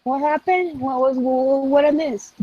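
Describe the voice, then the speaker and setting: A woman with a rough throat chatting casually in a live voice chat. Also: sits high, steady tone, a little slow, no room sound, muffled recording. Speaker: chat room member.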